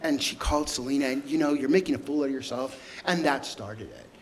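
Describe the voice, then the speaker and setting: A middle-aged man telling emotional stories as a guest onstage, halting and stumbling over repeated words. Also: medium pitch, rough recording. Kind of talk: emotional storytelling conversation.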